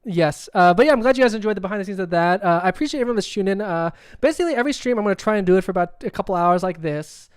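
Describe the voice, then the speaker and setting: Fast-talking man hosting a livestream. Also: high-pitched, lively intonation, smooth. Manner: rambling, repeats himself while cueing up clips. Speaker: livestream host. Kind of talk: casual livestream chat.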